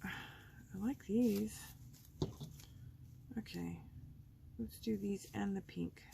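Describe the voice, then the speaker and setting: Gravelly-voiced woman rambling to herself over a craft project, takes her time. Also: medium pitch, fairly even intonation, very slow, mellow, a little hiss or hum. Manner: chatty, rambling, thinking aloud. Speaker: craft video host. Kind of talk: casual chat while crafting.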